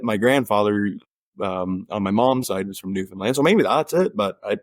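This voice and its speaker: A man with an Ottawa Valley country twang, chatting casually as a guest in an interview, relaxed and rambling with fillers and restarts. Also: on the low side, moderate pace, no echo, studio quality. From Ontario, Canada. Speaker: guest musician.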